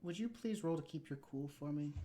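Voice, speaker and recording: A game master narrating a tabletop role-playing game slowly, with dramatic pauses. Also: medium pitch, animated, warm tone.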